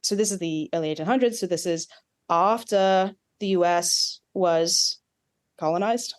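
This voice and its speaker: A woman's voice: fairly low pitch, unhurried. A woman with an Australian accent, a dialect coach, explaining at length with asides and examples in an interview. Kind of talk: expert interview.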